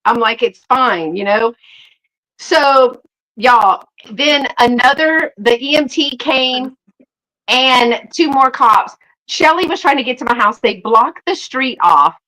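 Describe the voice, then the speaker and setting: Bright animated woman storyteller. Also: high voice, takes it slowly, poor audio. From Southern United States. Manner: animated, acts out quotes, laughs often. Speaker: live sale host. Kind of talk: casual storytelling chat.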